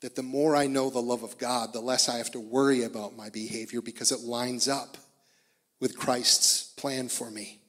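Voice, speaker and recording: A man's voice: medium pitch, fairly even intonation, normal speed, a bit bright, in a large hall. A man in his forties preaching a sermon in an earnest, conversational way. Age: 40s. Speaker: pastor.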